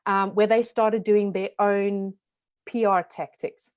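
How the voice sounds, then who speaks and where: A woman in her forties from South Africa with a softened South African accent, talking frankly and lively as a guest in a casual interview. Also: mid-range voice, no echo, muffled recording. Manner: lively, frank, talks in quick runs. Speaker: guest, brand strategist.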